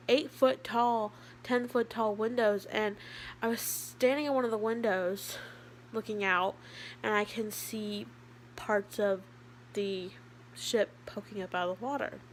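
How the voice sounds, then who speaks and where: A teenage girl talking to camera in a casual vlog, rambling with lots of fillers and sometimes dropping to a soft, quiet voice. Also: mid-range voice, a little hiss or hum. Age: teens. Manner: chatty, rambling, with many fillers. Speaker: vlogger.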